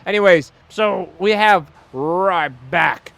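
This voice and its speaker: A young man with a high, bright voice gives upbeat, rambling commentary over a video game. He jokes along as he describes the action. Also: moderate pace, clear, resonant tone. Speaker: let's play host.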